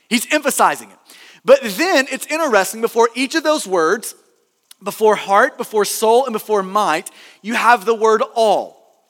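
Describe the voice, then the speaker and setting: A man's voice: extremely high pitch, lively intonation, normal speed, fairly bright tone, big-room sound. A male pastor preaching a sermon, earnest and emphatic, often restarting and repeating words for stress.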